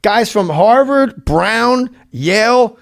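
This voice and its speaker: A man's voice: takes it slowly, vocal fry, no room sound, studio quality. A middle-aged man, a guest comedian, telling a story in casual chat and acting out the voices. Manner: animated, acts out voices with rising pitch.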